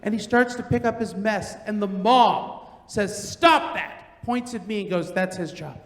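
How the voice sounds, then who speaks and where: High-voiced man doing stand-up in a theater. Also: measured pace. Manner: loud, animated storytelling with acted-out quotes. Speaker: stand-up comedian. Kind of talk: stand-up comedy set. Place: large theater stage. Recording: roomy theater with long reverb.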